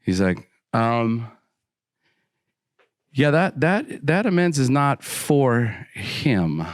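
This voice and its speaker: Soft background music plays as a middle-aged man tells an audience how he recovered, speaking slowly with long pauses and lively intonation. He acts out the characters' dialogue dramatically, his pitch swinging sharply.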